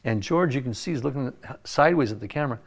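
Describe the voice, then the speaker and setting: An older man with a gravelly, creaky voice spins a long anecdote in a relaxed interview. He is a music producer speaking in a studio, animated and acting out the people he quotes. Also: mid-range voice, fast. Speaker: music producer telling stories. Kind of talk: casual interview storytelling. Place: recording studio.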